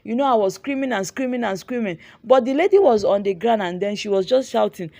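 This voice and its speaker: A woman's voice: a little high, expressive, a little fast, creaky, mellow, no echo. A young Nigerian woman, a fashion designer and vlogger, animatedly retelling a dramatic story with lots of repetition. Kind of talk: storytelling vlog.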